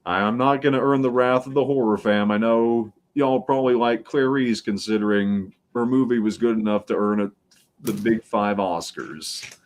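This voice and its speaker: A man guest on a live horror chat, making measured arguments with hesitant restarts. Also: lowish voice.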